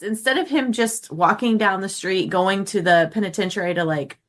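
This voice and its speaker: A woman co-hosting a podcast in casual chat, expressive and quick to laugh. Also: medium pitch. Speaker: podcast co-host.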